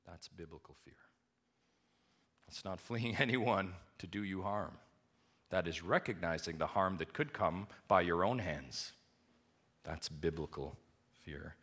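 A pastor preaches a sermon to his congregation, his voice booming with high emphasis before dropping to quiet, hushed lows.

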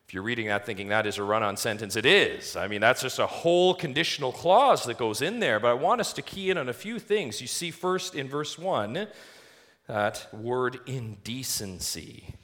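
Male pastor, mid-pitched voice, sermon delivery, emphatic rises, asks the congregation questions. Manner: animated preaching with rhetorical questions to the congregation; reads scripture aloud slowly and deliberately.

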